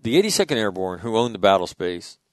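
A middle-aged man and Marine veteran, telling stories in a blunt, profane, animated way in a casual interview. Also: fairly low pitch, fast, no echo, studio quality.

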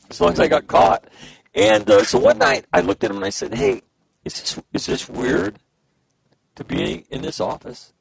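A man's voice: medium pitch, creaky, breathy edge, poor audio. A man telling a war story in a casual chat, swearing freely and acting out the dialogue.

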